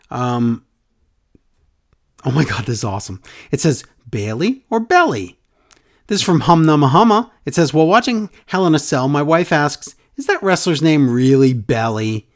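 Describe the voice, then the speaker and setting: A man hosting a casual podcast, chatting animatedly and reading listener emails aloud with jokes. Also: medium pitch. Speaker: podcast host. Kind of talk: casual wrestling podcast chat.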